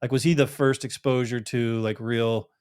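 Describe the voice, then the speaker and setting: Halting male podcast interviewer. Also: medium pitch, steady tone, a little mellow, smooth. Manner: halting, restarts his questions several times. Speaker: podcast host. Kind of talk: interview questions.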